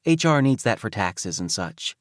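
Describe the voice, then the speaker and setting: A man's voice: lowish voice, very animated, moderate pace, no room sound, clean studio sound. A male audiobook narrator voicing a young woman boss who sounds kind and concerned. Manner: friendly, concerned.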